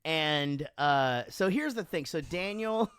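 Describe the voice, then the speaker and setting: Excitable joking man in a dry studio. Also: fairly high pitch, slow pace, clean tone, dry recording. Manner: joking, excitable, talks over his co-host. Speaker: podcast co-host and band member. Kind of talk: casual drunken podcast chat. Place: home studio.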